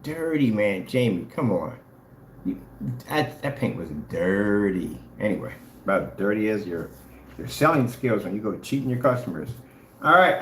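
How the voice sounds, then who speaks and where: A boastful, taunting man trash-talks his rivals in a vlog. His pitch swings up and down a lot. The sound echoes around the room. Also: a bit bright, slight background noise. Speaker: vlogger selling paint products. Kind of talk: trash-talking challenge vlog.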